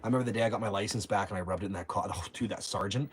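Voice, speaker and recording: Fast-talking brash man. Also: lowish voice, a little hiss or hum. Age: 40s. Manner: brash, profane, rapid rambling with asides. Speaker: livestream host. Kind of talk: casual storytelling chat.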